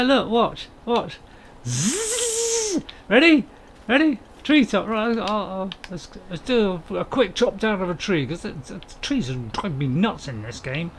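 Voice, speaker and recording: A middle-aged man streams gameplay, joking, chatting, chuckling, and reading aloud the messages his viewers send. His voice is a bit higher than the typical man's. A faint ambient hum lies under his desk mic in this rough recording.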